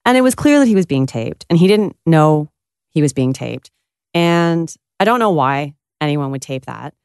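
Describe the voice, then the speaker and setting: A woman's voice: fairly low pitch, no room sound, clean studio sound. A woman giving candid, reflective answers in an interview, thinking aloud as she goes. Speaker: interviewed politician.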